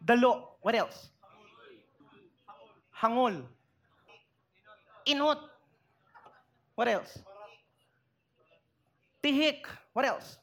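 A woman's voice: fairly high pitch, animated, drawn-out words, pauses often. A woman with a Filipino accent preaching a sermon, acting out little scenes and asking the congregation questions. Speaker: pastor.

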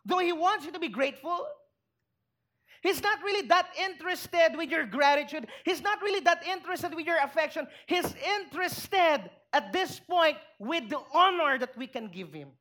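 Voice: very high-pitched, animated, normal speed, pushed and bright. A pastor preaching a sermon in church, making emphatic points and putting rhetorical questions to the congregation.

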